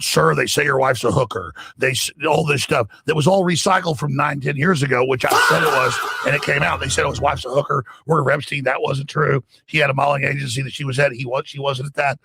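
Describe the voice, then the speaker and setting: A man with a gravelly, raspy voice delivering an emphatic, excited monologue as a talk show guest. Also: a little high, dry recording. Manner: emphatic, acts out quoted voices.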